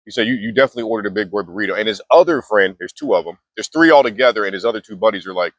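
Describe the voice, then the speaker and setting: Speaking very fast and expressively in a fairly low voice, this young mindfulness vlogger relates a story. His casual, slangy delivery keeps restarting and is peppered with fillers, and there's no echo.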